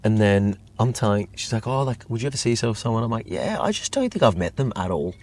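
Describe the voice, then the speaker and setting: Here a young man speaks at a quick pace with a fairly low pitch. As a guest in casual chat, he spins a long, rambling personal story loaded with fillers and "like," retelling it with lots of animation.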